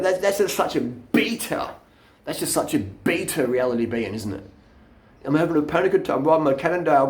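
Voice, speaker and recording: A fitness vlogger with a mid-range voice talks into a handheld camera, delivering a blunt, mocking, off-the-cuff rant full of swearing. The sound is roomy.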